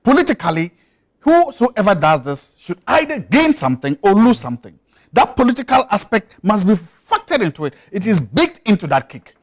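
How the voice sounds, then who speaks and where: A man's voice: sits high, sing-song, moderate pace. A man, a studio guest on a television talk show who makes his points emphatically and insistently, often repeating them.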